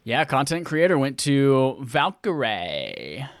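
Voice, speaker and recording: Man, podcast co-host, lively swinging pitch, dry close sound, playful. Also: slow, dry recording. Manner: animated, playful, jokey asides. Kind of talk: casual chat.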